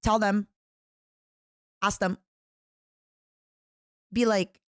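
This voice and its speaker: A woman's voice: medium pitch, animated, normal speed, fairly bright tone, no room sound, studio quality. A woman from Eastern Europe streaming, chatting playfully with her chat and often breaking into giggles. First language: French-schooled, non-native English.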